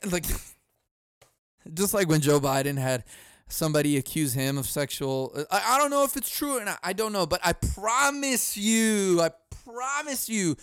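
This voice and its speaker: Sarcastic, foul-mouthed male podcast host, high voice, smooth and dry. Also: dry recording. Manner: profane, sarcastic, animated, laughs at own jokes. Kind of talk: comedic rant.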